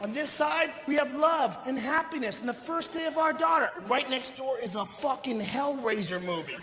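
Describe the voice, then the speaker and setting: A middle-aged man performing a loud, profane stand-up comedy routine, often shouting, before a laughing audience in a venue. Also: extremely high pitch, lively intonation, brisk, few pauses. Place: large indoor comedy venue. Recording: echoey live venue with audience noise.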